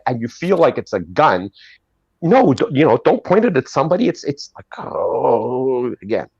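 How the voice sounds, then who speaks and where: A man's voice: medium pitch, very animated, moderate pace, gravelly, darkish tone, breathy edge, no room sound, dull audio. A man hosting a casual video call chat, ranting with sarcasm and mocking voices. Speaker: host.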